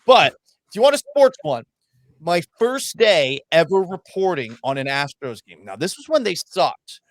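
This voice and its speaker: A man's voice: on the high side, moderate pace, no echo. Profane, self-mocking sports radio man. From Massachusetts. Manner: self-deprecating, profane, animated anecdotes. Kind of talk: casual storytelling in a podcast interview.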